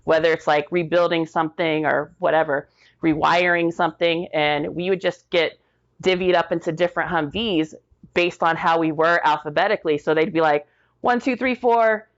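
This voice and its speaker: Animated, slangy woman veteran storyteller. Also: low voice, moderate pace, muffled recording. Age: middle-aged. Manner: animated, acts out quoted voices, slangy. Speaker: military veteran guest. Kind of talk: casual storytelling in an interview.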